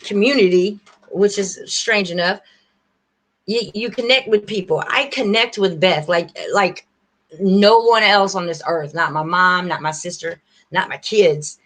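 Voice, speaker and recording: A woman hosting a livestream, rambling warmly and earnestly straight to her viewers in casual chat. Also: mid-range voice, unhurried. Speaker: livestream host.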